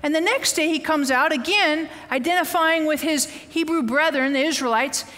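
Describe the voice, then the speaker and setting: A woman teaching a Bible lesson, telling the story with lively, animated acting-out of the quotes. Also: sits high, normal speed, long reverb tail. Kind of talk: teaching sermon. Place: outdoors, windy.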